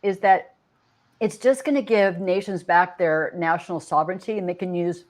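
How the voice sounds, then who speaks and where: Low-voiced woman, earnest podcast talk. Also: moderate pace. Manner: earnest, lists facts, trails off and restarts. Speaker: podcast co-host. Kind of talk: casual chat.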